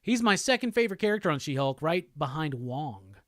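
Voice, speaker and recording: A man's voice: on the high side, sing-song, fairly quick, no echo, studio quality. A man hosting a live show, chatting loosely and profanely while reading viewer comments aloud. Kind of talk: casual livestream chat.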